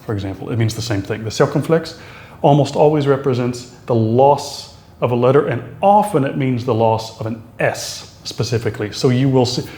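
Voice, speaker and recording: Man, casual language lesson, lapel mic, halting, lots of ums, mid pitch. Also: darkish tone. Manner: halting, many ums and restarts. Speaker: language teacher. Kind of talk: casual explainer video.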